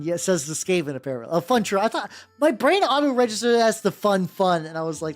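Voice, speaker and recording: A man's voice: sits high, very animated, fairly quick, few pauses. A man streaming while painting miniatures, chatting casually and stumbling over words as he corrects himself. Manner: rambling, stumbling self-corrections. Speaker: VTuber streamer. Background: soft background music.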